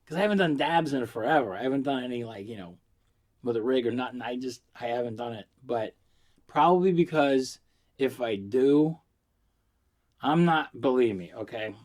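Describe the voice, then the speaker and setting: Man, high, rambling vlog talk, giggly, profane, loose storytelling. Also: lively intonation, normal speed, darkish tone. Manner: profane storytelling with acted quotes. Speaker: vlogger reviewing vapes. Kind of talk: rambling casual monologue.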